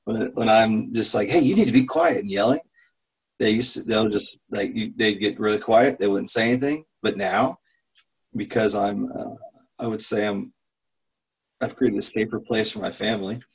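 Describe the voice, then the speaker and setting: Gravelly, husky-voiced father sharing. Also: fairly low pitch, fairly even intonation, normal speed, low-quality recording. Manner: candid, with many restarts and laughs. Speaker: program participant and father. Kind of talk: personal sharing in a group talk.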